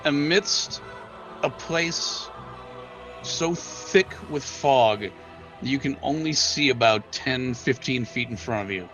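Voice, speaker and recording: Slow, halting man as game master. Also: medium pitch, animated, a bit bright. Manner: slow and hesitant, many ums. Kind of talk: narrating a tabletop game. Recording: dull lo-fi sound with faint music.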